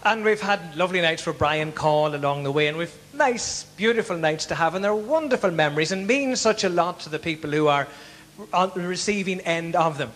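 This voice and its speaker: A middle-aged man with a Northern Irish accent compères a live event, telling jokes and delivering a tribute in a chatty way while laughing at his own punchlines. His voice is fairly high, a little fast, and a bit bright. It's stage joke-telling and a tribute speech before an audience at a live venue, recorded in an echoey hall.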